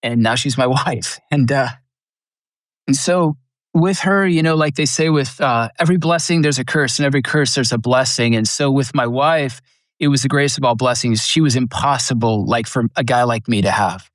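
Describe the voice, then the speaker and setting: A man's voice: medium pitch, moderate pace, dry recording, studio quality. A middle-aged man, a podcast guest, earnestly telling a personal testimony and acting out the people he quotes. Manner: earnest storyteller, acts out quoted lines. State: emotional, near tears at times.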